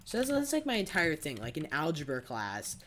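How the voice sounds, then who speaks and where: A man's voice: a little high, huge pitch swings, a little fast, fairly bright tone. A teenage boy giving casual, profane, rambling commentary over his own gameplay, full of sarcastic asides. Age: teens. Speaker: gaming channel host.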